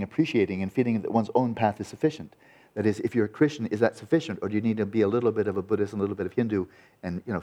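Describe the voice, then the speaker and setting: A man teaching Buddhist meditation in a dharma talk, lively and wry, with a sarcastic edge and frequent restarts. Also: fairly low pitch.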